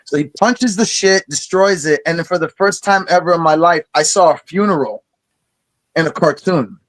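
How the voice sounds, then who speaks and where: Hyped-up guy ranting about cartoons, kinda high voice, cusses a lot. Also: normal speed, rough recording. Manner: excited, swearing, storytelling. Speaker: podcast host. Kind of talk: casual chat.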